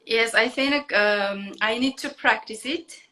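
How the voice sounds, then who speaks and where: A woman's voice: a little high, takes it slowly, sharp tone. Hesitant woman. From Kazakhstan. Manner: hesitant, careful, with many fillers. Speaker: interviewer and learner.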